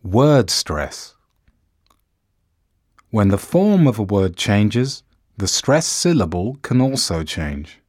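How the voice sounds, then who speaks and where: A man with a lowish voice narrates a language course. He reads every word very slowly and carefully, and his pitch rises and falls a lot. The sound is dry and close, with no room echo. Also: big pitch swings, a little mellow. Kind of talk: slow, deliberate scripted pronunciation reading.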